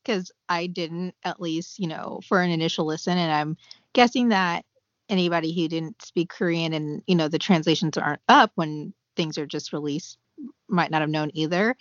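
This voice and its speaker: A woman's voice: on the low side, animated, moderate pace, no room sound, lo-fi sound. A woman co-hosting a podcast, talking in a thoughtful, hesitant casual way. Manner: thoughtful, hesitant, soft laughs. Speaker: podcast co-host. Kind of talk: casual chat.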